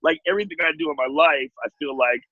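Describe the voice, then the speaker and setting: A man who works as a TV warm-up host and emcee, talking animatedly on a video call with big swings in pitch and loudness. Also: fast talker, no room sound. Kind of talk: casual video-call interview. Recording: dull lo-fi video-call audio.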